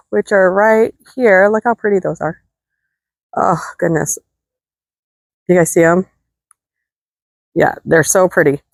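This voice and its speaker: A woman's voice: medium pitch, dry recording. A woman vlogging in her garden, chatty and enthusiastic as she talks to viewers, out of breath from the heat. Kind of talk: casual gardening vlog. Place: outdoor desert garden.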